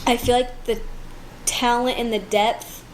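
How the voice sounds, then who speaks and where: A woman in casual chat, relaxed and full of 'like' fillers. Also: a little high, a little slow, poor audio. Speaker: former gymnast.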